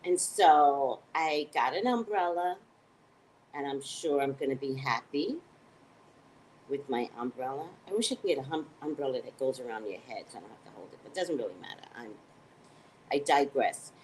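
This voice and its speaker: A woman speaks at a moderate pace on a rough recording with slight background noise. She's a psychic from the U.S. chatting casually on her own live morning show, digressive and rambling, profane and self-mocking. Her delivery is animated, often swinging up into high, excited tones.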